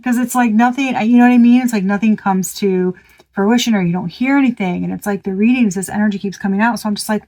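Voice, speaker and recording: A woman's voice: mid-range voice, fast talker, dark tone, rough recording. Woman doing a tarot reading, talks casual and loose, lots of oh my gods and swearing, keeps restarting her sentences. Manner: chatty, exclamatory, swears freely; thinks aloud, trailing off and restarting. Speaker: tarot reader.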